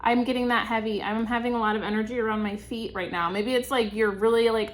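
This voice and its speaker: A woman's voice: on the high side, fairly even intonation, quick pace, few pauses. A young woman giving a casual tarot reading, chatty and reassuring, laughing often. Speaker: tarot reader.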